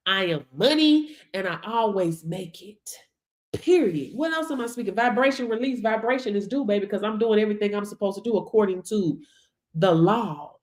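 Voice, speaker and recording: A woman's voice: mid-range voice, brisk, a little mellow, echoey room. A woman in giving a sassy, preachy motivational talk to her livestream viewers, calling them baby. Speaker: livestream business mentor.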